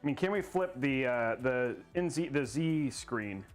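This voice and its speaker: Medium in pitch, with lively intonation and a measured pace, this man builds a PC on a casual livestream. He chats with viewers in a rambling, goofy way and laughs at himself, while faint music plays in the background.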